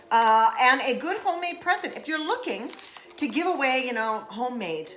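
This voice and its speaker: Woman host, casual live-stream chat, high and bright, playful, echoey kitchen. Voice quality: playful, chatty, greets viewers by name. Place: home kitchen.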